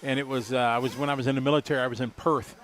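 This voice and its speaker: A man's voice: mid-range voice, little pitch movement, racing, a bit bright. A middle-aged man doing live race commentary, chatty and rambling, joking with viewers.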